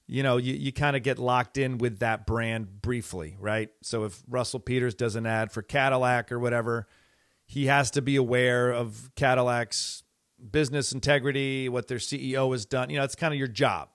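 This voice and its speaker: A man's voice: medium pitch, steady tone, moderate pace, a bit bright, no echo, clean studio sound. A middle-aged man hosting a podcast, talking in a rambling, exasperated way with many fillers and restarts. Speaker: podcast host. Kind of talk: casual monologue.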